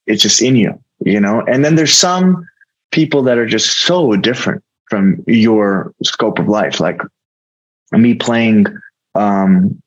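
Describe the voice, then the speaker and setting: A man's voice: fairly low pitch, highs cut off. A man with an American accent, an actor speaking as a guest in an interview, earnest and reflective, often restarting his sentences. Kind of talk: casual interview talk.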